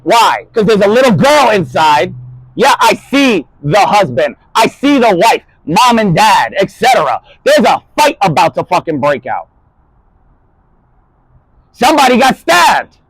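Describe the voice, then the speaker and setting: A man talking in a rambling spoken-word monologue, jumping between topics and swearing, his voice rising and falling in loudness. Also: high-pitched, sing-song, moderate pace, breathy edge, no echo, rough recording.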